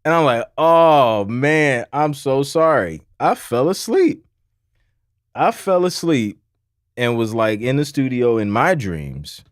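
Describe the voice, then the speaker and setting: A man's voice: medium pitch, big pitch swings, slow, dry recording, studio quality. A man hosting a livestream, chatting casually and telling a rambling story with frequent laughs and repeated phrases. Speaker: livestream host.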